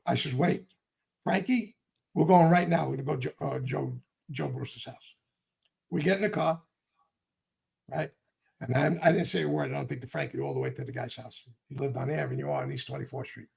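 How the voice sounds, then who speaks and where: A man's voice: on the high side, very animated, brisk, gravelly, pauses often, a little mellow. An older man, telling a long story in an interview and acting out both sides of old arguments. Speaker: interview guest.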